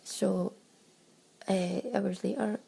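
Her mid-range voice barely moves in pitch, and she draws out her words with vocal fry in a dark, husky tone. This woman from Scotland narrates a chatty travel audio diary, laughing often and playing out little exchanges with quoted exclamations, all on poor audio.

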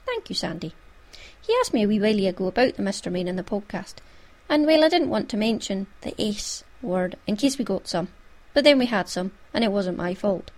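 A woman's voice: medium pitch, expressive, fairly quick, darkish tone. A woman with a Scottish accent hosting her own podcast in a chatty, homely way, full of little asides. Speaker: podcast host. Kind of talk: casual podcast chat.

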